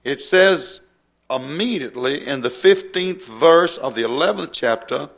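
Slow, emphatic preaching man. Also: fairly high pitch, animated, gravelly, fairly bright tone. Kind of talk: sermon.

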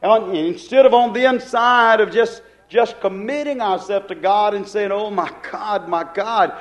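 A man's voice: sits high, a little slow, few pauses. A man preaching a sermon with fervent delivery, acting out cried prayers and using King James phrasing. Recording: dull lo-fi recording.

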